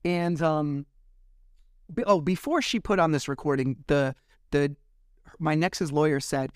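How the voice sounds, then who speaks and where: A man hosts a podcast and retells a story with animated sarcasm and casual swearing. His voice sits a little high. The sound is dry and close to the mic. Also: a little slow, clean tone, no echo. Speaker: podcast host.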